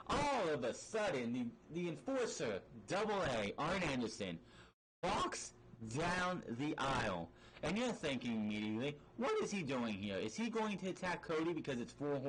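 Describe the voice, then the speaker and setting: A man's voice: medium pitch, a bit bright, slight background noise, rough recording. A man casually recapping a wrestling match play-by-play, rambling with fillers and frequent swearing. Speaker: wrestling show reviewer.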